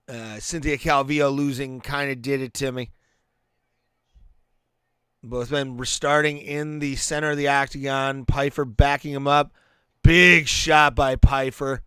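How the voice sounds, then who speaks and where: A man's voice: mid-range voice, pushed and bright, smooth, dry recording, clean studio sound. A man hosting a live stream, giving laid-back play-by-play and reactions to fights, with fillers and restarts. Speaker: podcast host.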